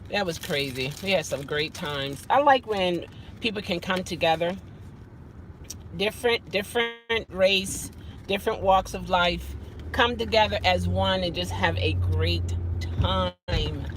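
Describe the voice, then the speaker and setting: A woman's voice: lowish voice, measured pace, poor audio. A woman chatting casually to her livestream viewers while driving, rambling, greeting commenters by name and repeating a favorite exclamation. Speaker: vlogger and rideshare driver. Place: inside a car driving on city streets. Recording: car and street noise behind.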